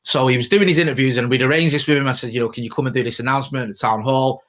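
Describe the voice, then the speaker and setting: A man talks quickly on a casual podcast. He tells stories in a chatty, unfiltered way and swears freely. His pitch sits in the middle range. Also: steady tone, fairly bright tone. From Greater Manchester, England. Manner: chatty storyteller, swears freely, laughs often. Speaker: podcast co-host, former reporter.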